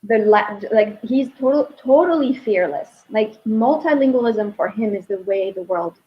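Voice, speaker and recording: A woman linguistics professor talking as an interview guest, telling animated stories and quoting her son. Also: mid-range voice, moderate pace, lo-fi sound. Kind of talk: casual interview talk.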